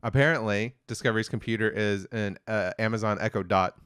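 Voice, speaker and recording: A lowish, smooth male voice moves fairly quickly in clean studio sound, free of room sound. Co-hosting a review podcast, he casually walks through an episode's plot, rambling with many fillers and quoting characters without inflection.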